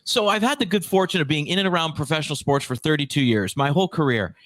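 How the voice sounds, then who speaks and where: A man's voice: on the high side, animated, fast talker, a bit bright, no room sound. A man in his fifties hosting a podcast interview, asking long, rambling questions and complimenting his guest with enthusiasm. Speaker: podcast host.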